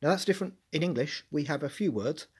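A man's voice: on the high side, expressive, fast, husky. A man hosting a solo podcast, thinking aloud and musing as he picks apart words, often restarting mid-phrase. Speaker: podcast host.

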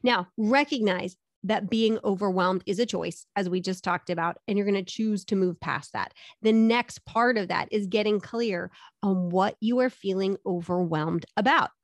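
A woman's voice: mid-range voice, moderate pace, dry recording. Middle-aged woman coaching, upbeat and direct, asks lots of questions, dry sound. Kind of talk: motivational coaching talk.

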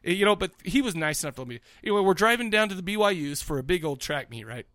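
A man's voice: sits high, quick pace, no room sound, studio quality. A man co-hosting a podcast, telling rambling crude stories in casual chat. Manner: animated, rambling, crude joking. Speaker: podcast co-host.

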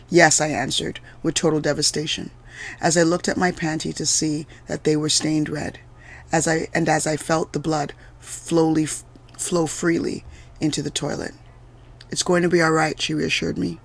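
A woman reading her own personal story aloud as a podcast narrator, in a measured, deliberate way. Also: deep voice, vocal fry. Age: adult mother of several children. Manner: measured, deliberate, steady delivery.

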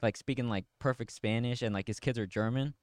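A man's voice: medium pitch, brisk, no echo, clean studio sound. A young man in a casual chat with friends, telling stories in an easygoing, hedging way.

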